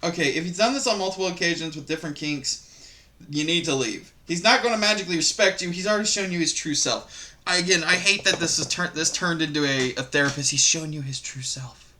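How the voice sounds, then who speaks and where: A man hosting a reaction video goes on a casual, rambling tirade about internet stories, swearing freely and staying animated. He speaks a little fast, with a voice on the high side.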